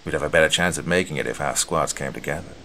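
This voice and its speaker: A man voicing a calm, confident squad leader who gives steady orders. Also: extremely low pitch, fast, creaky, slight background noise, exaggerated voice.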